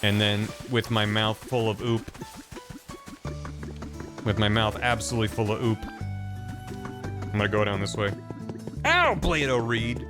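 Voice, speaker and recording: A man streaming a video game who thinks aloud in a rambling, casual way and reads in-game text out loud. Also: on the low side, animated, measured pace, pauses often. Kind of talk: casual gameplay commentary. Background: game music.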